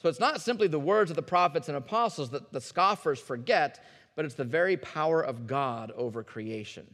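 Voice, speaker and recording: A man's voice: on the high side, animated, moderate pace, fairly bright tone, big-room sound. A man preaching a sermon as a pastor, talking to the congregation in an earnest, conversational way and often repeating his words.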